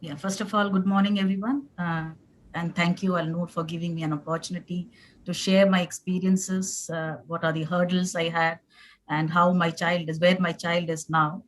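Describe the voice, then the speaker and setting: A woman in her forties, a parent on a conference panel, talking in an earnest, halting way with some emotion. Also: on the low side, flat delivery, a little hiss or hum, low-quality recording. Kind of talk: panel discussion sharing.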